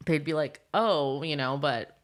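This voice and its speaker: An American woman co-hosting a podcast, her voice sitting a little low. She chats loosely and laughs often, poking fun at herself. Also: lively intonation, moderate pace, fairly bright tone. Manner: laughs often, self-deprecating banter. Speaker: podcast co-host and stand-up comedian. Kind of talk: casual chat.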